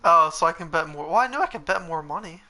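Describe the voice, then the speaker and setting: A man's voice: a little high, expressive, fast, bright, forceful tone, faint music behind. A young man playing a game with friends, easygoing and defensive when teased. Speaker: co-player. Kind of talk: casual gaming chat.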